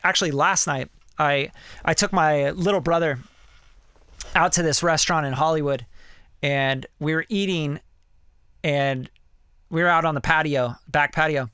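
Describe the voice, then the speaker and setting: A man's voice: on the high side, normal speed, pauses often, sharp tone, clean tone, no echo, studio quality. A man who produces music, talking casually on his live stream, candid and rambling, full of "like" and "you know" and ready swearing.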